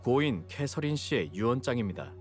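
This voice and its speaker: An actor playing a formal male fixer who reads out a will in a brisk, official manner. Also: medium pitch, very animated, faint music behind, natural voice.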